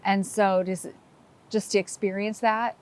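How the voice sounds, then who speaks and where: A woman's voice: mid-range voice, little pitch movement, a little slow, slight background noise. A middle-aged woman, a sheriff's wife, retelling a story in an interview with emotion and quoted dialogue.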